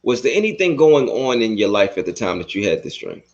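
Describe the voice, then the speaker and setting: A male podcast host with a lively voice that moves up and down, relaxed and quick to laugh as he interviews. The recording sounds slightly dull and lo-fi. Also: mid-range voice. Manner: relaxed, laughs a lot, rambles and restarts. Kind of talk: casual interview.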